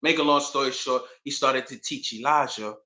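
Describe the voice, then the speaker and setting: A man's voice: medium pitch, moderate pace. A man hosting his own channel, telling history in a casual, slangy storytelling way and acting out quotes. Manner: slangy, animated, acts out quotes. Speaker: channel host. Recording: echoey room.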